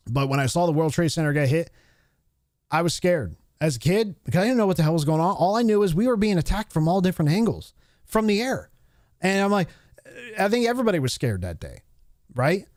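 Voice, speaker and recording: A man's voice: a little high, darkish tone, no room sound, clean studio sound. Heated, rambling man on a live stream. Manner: rambling and heated, with frequent restarts and fillers; blunt and profane. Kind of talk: casual opinion rant on a live stream.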